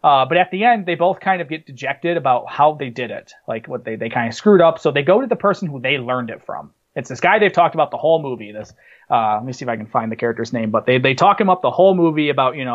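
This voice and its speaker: A man's voice: mid-range voice, fast talker, dull audio. A man co-hosting a casual movie podcast, telling stories with lots of fillers and restarts. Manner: animated storyteller, many fillers and restarts. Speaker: podcast co-host. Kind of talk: casual chat, movie countdown.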